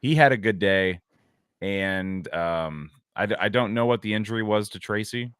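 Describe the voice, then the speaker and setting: A sports podcast co-host with a fairly low, slightly bright, clear and resonant voice muses wryly in casual chat at normal speed. He rambles with lots of hesitations, and the clean studio sound has no room sound.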